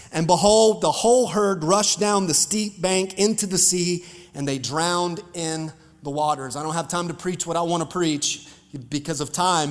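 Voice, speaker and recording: A man pastor preaching a fiery sermon to his congregation, building up to shouts. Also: high-pitched, big-room sound. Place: church sanctuary.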